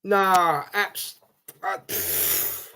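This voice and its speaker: A man hosting a live football watchalong, reacting with animated exasperation and calling everyone "mate". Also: sits high, extremely slow, slight background noise. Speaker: watchalong host.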